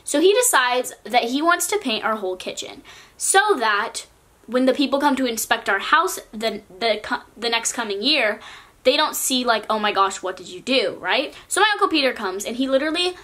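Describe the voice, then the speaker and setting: A woman's voice: fairly high pitch, lively intonation, moderate pace, sharp tone. A teenage girl from California telling a storytime vlog in a chatty way, filling her sentences with "like". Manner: chatty, peppers speech with "like". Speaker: vlogger.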